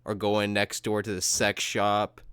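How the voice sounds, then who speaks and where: A man with a low-leaning, smooth and clear voice hosts a casual podcast chat. He swears freely, laughs often and strings his thoughts together with "like" and "dude". The sound is close and dry. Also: completely flat delivery, measured pace, fairly bright tone, no echo. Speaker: podcast host.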